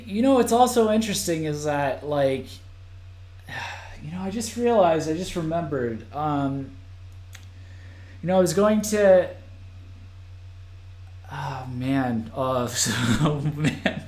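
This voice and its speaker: A man's voice: a little high, lively intonation, slow pace, long pauses, a little mellow, echoey room. A man hosting a live stream, reacting to an album as it plays, rambling and restarting his sentences. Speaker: podcast host.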